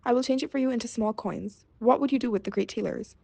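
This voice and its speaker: A woman voicing an eager, flattering male moneychanger in a read-aloud fairy tale, with a creaky edge. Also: on the high side, fast, very noisy.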